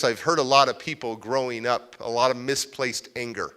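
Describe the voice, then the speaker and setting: Male motivational speaker, bright voice, mid pitch, confessional live storyteller. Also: steady tone, normal speed, smooth. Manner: confessional, acts out quoted voices loudly. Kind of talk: personal storytelling speech to a live audience. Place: civic center event hall.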